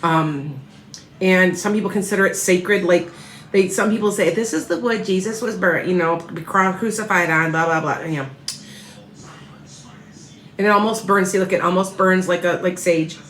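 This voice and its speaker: A woman's voice: lowish voice, normal speed, fairly bright tone, roomy sound, low-quality recording. A tired woman reading tarot, chatting casually and rambling on a livestream as she greets viewers by name. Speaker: tarot reader.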